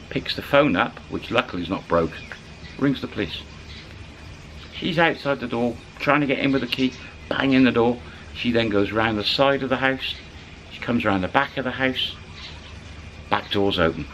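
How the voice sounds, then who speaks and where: A man casually retelling a story to camera, animated and colloquial, slipping into the voices of the people in it. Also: medium pitch, moderate pace, slight background noise. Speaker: channel storyteller.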